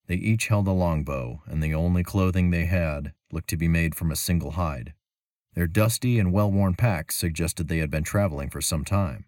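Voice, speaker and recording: A man narrating a fantasy story as an audiobook, measured and even. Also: low voice, no room sound, clean studio sound.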